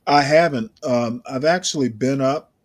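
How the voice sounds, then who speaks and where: A man's voice: medium pitch, moderate pace, a crowd in the background. A man from Georgia in casual chat, joking in a dry, teasing way. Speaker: chat partner.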